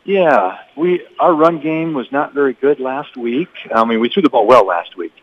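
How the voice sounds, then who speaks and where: A man's voice: medium pitch, expressive, moderate pace, no room sound. A man, a football coach, talking plainly about his team's game in a phone interview. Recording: dull dry phone line.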